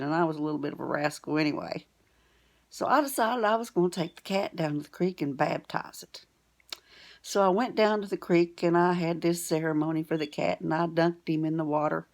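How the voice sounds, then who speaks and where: Older great-grandmother, homespun storyteller. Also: on the low side. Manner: plain-spoken, homespun country phrasing. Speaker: storytelling vlogger. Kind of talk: folksy storytelling to camera.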